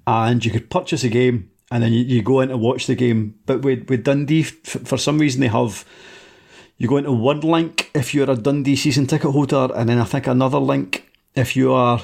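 Man, creaky voice, podcast panelist, teasing and measured. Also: medium pitch, steady tone, darkish tone. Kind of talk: casual football podcast chat.

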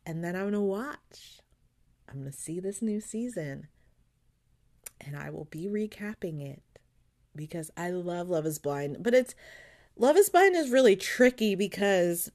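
A woman's voice: mid-range voice, darkish tone. A woman hosting her podcast, rambling and swearing freely in a casual monologue. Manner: profane, rambling, chatty. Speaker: podcast host.

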